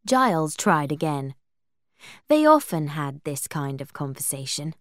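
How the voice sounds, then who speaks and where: A woman reading a story aloud, lifting her pitch for the characters' quoted lines. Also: no echo, clean studio sound. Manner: slow, lively reading; higher pitch for quoted speech. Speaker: narrator.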